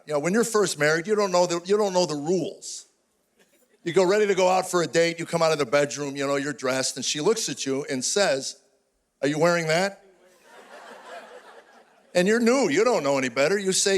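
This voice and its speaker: An older man doing a stand-up comedy routine on stage, telling stories in an animated, exasperated way. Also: high-pitched. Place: stage before a live audience.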